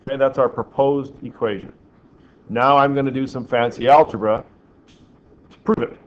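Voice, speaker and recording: A man's voice: medium pitch, fairly even intonation, normal speed. A man teaching a physics class, quizzing his students and making dry joking asides. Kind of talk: classroom lecture. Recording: slightly dull classroom recording with faint background hiss.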